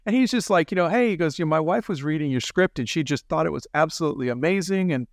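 A man talks through his stories in a relaxed interview, animated and quick to act out the people he quotes. His voice sits a little high and rings clear and smooth. The recording is dry and close. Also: dry recording. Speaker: guest, animator and film director. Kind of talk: casual interview storytelling.

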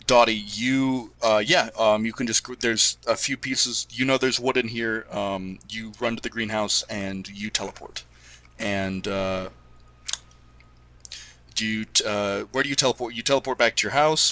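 A man's voice: lowish voice, fairly even intonation, moderate pace, pushed and bright, dry recording. A man narrating as game master of a tabletop role-playing game, hesitant, with frequent ums and restarts.

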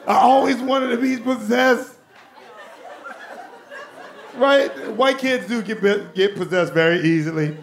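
A man doing stand-up with a high, gravelly voice and a profane, animated delivery. He acts out the people in his stories, often pushing up into shouts. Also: takes it slowly, pauses often, crowd noise, background noise. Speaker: stand-up comedian. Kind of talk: stand-up routine.

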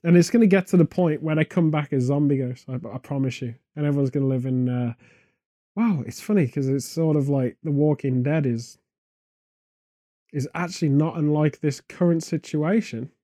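A man co-hosting a comedic casual chat, rambling through absurd film pitches in an animated and easily exasperated way. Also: moderate pace, no room sound, studio quality. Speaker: podcast co-host.

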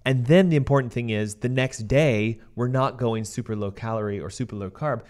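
A man co-hosting a health podcast as a doctor, explaining at length in a steady, teaching manner. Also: mid-range voice, brisk.

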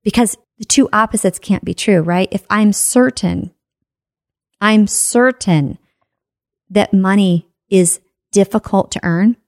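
A woman's voice: mid-range voice, takes it slowly, darkish tone, dry recording, clean studio sound. A woman giving a motivational talk on personal growth, emphatic, with rhetorical questions and checks like "right?".

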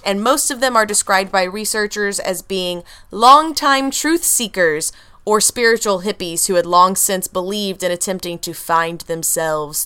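A woman's voice: medium pitch, pushed and bright, clean tone. A woman hosting a podcast, casually talking through researched notes about a cult's history, often laughing between facts. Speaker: podcast host telling a true story. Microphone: computer mic at home.

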